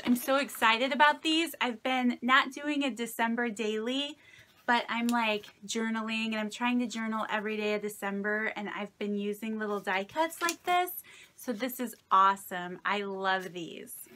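This American craft vlogger from Indiana speaks at a moderate pace in a high-leaning, bright, forceful voice, effusively sentimental as she unboxes and exclaims with delight. She seems slightly ill and shaky, and faint background noise is audible.

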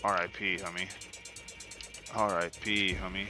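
A man giving casual, profane, excitable commentary while playing a video game. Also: sits low, measured pace, pauses often, over music. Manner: profane, excitable trash talk. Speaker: gaming commentator.

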